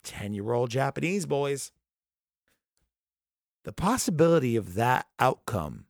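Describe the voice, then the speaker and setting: A man at an average pitch rants through a casual podcast chat, swearing freely as he vents. His voice is close and dry, with no room sound around it. He talks like a regular host sounding off to his co-host. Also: moderate pace, no room sound. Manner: profane, ranting, animated.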